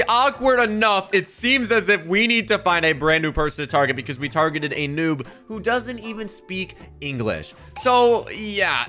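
A young man doing playful, hyped gameplay commentary as a gaming video host. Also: sharp tone. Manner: hyped, playful, big jumps in pitch. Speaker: gaming YouTuber.

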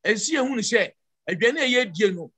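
Ghanaian man, 60s, emphatic church speaker, high bright tone, dry close sound. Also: animated, fairly quick, breathy edge, no room sound. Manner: emphatic, mixes English words into his talk. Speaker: church member giving a response. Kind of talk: impassioned church discussion.

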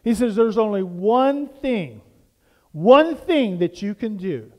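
A man's voice: sits high, big pitch swings, slow, long reverb tail. A man preaching a sermon as pastor, building emphasis through repeated questions and phrases. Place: church sanctuary.

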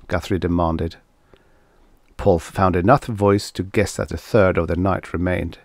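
A man reading a vintage science fiction story aloud as narrator, with animated delivery. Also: deep voice, unhurried, dry recording, clean studio sound. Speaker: audiobook narrator. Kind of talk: scripted narration.

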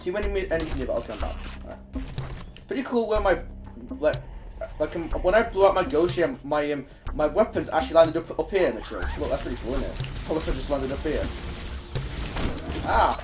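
A slightly high-voiced man chats and jokes through a co-op game, his voice bouncing all over. He breaks into sudden yelps when things go wrong. Game music plays clearly behind him. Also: fast. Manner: excitable, joking, with sudden yelps. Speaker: co-op gamer. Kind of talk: casual gameplay commentary.

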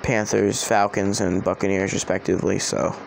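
A man's voice: on the low side, little pitch movement, normal speed, gravelly, a little hiss or hum. A man giving casual spoken predictions for a vlog, rambling and often correcting himself. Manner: rambling, self-correcting, chatty. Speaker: sports vlogger.

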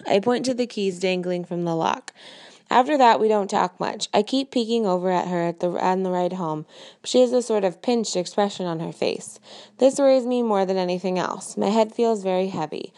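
A woman reading a first-person novel aloud in an even, measured storytelling way. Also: medium pitch. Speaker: reader.

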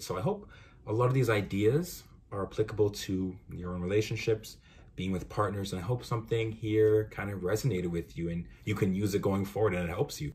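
A young man hosting a podcast, talking through course ideas in a relaxed, conversational way with frequent asides. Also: fairly low pitch. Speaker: podcast host. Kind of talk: casual explainer monologue.

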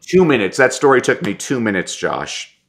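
A man giving a lively, storytelling podcast interview, his pitch swooping up and down as he acts out little scenes. He speaks at a middling pitch and stumbles over repeated starts in his excitement. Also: normal speed. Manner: lively, stammers restarts, acts out quotes. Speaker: guest, presentation coach. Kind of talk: animated anecdotal storytelling.

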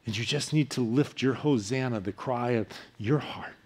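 Earnest pastor preaching a sermon. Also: male voice, medium pitch, moderate pace, breathy edge. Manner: earnest preaching with softer dropping phrase endings.

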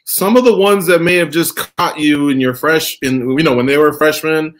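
Upbeat male radio host with a fairly high voice; playful, chatty, repeats words when he starts a question. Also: moderate pace. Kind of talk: casual interview.

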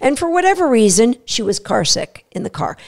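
A woman hosting a podcast on dog training, talking energetically and acting out the dog's voice in quick asides. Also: a little high, very animated, vocal fry. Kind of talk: solo podcast teaching.

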